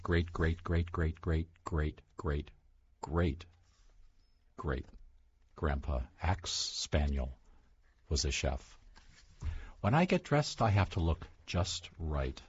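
Man reading as a cheerful dog chef, storybook, deep husky voice, slow. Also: a little mellow, heavily acted. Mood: proud. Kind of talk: reading a picture book aloud. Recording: dull lo-fi sound.

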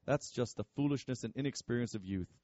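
A man doing a gruff, scornful stern father. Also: medium pitch, fairly quick, dark tone, muffled recording, natural voice. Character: stern, pompous wealthy older father.

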